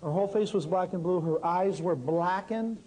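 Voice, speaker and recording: Man, fairly high mellow voice, workshop teacher who tells stories and talks straight to the room. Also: moderate pace, poor audio. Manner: lively, talks straight to the audience. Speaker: natural healing teacher. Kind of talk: live workshop storytelling.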